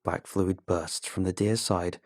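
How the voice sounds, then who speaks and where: A man narrating a first-person horror story in a measured, grim manner. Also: low-pitched, steady tone, no room sound, studio quality. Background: background music.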